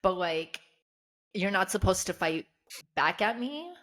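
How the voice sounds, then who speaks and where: A woman's voice: medium pitch, expressive, measured pace, fairly bright tone. A woman in her thirties, a podcast co-host whose first language is Russian, chatting candidly and laughing often as she quotes herself. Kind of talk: casual chat.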